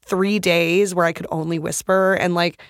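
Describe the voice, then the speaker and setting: A woman in her thirties chats on a podcast with a hoarse, gravelly voice that sits a little low. Her delivery is casual and self-mocking, with laughs slipping in. The sound is close and dry. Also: fairly even intonation, normal speed, no echo. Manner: chatty, self-mocking, laughs while talking. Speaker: podcast co-host. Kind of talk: casual chat.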